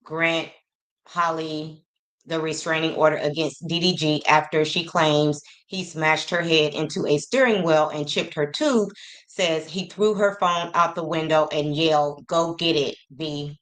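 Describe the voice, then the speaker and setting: Low-voiced woman hosting a livestream. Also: steady tone, a bit bright. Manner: reads messages aloud slowly, greets chat by name. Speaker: livestream host. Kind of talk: casual livestream commentary.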